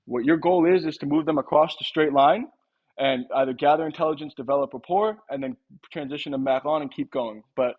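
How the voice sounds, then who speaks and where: Fast-talking man giving a sales lesson. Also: fairly high pitch, muffled recording. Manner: casual, quick, acts out little sample dialogues. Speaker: sales trainer. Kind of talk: instructional talk.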